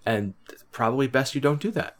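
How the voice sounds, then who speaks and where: A man's voice: mid-range voice, fairly quick. A man co-hosting a podcast, talking earnestly and supportively in casual chat, often restarting his sentences. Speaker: podcast co-host.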